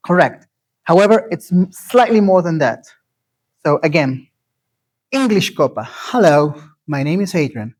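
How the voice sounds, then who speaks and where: A man giving an interactive lecture, asking the audience questions and repeating key phrases slowly. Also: a little high, rough recording.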